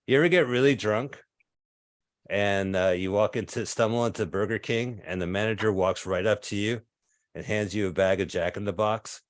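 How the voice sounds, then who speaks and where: A man in his fifties performing a stand-up set over a video call, delivering absurd one-liners in a deadpan way. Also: on the low side, normal speed, no echo, clean studio sound. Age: 50s. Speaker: stand-up comedian.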